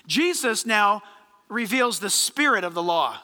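A man preaching a sermon in a church, lively and full of rhetorical questions put to the congregation. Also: high-pitched, unhurried, long reverb tail. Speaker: pastor. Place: church sanctuary.

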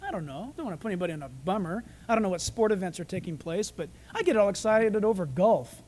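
A man preaching a sermon, animated, acting out voices and shouting for emphasis. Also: high voice, fast talker. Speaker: pastor. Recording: reverberant hall.

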